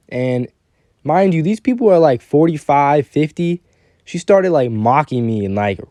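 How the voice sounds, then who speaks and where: A young man casually telling a personal story, animated and quoting the people in it. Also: mid-range voice, no room sound, clean studio sound.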